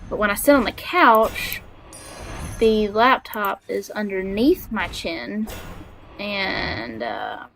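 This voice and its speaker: A woman's voice: mid-range voice, animated, slow pace, a bit bright, faint music behind, poor audio. Chatty Southern woman from Alabama. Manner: chatty, self-deprecating. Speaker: livestreamer. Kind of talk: casual chat while gaming. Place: home, sitting on the floor.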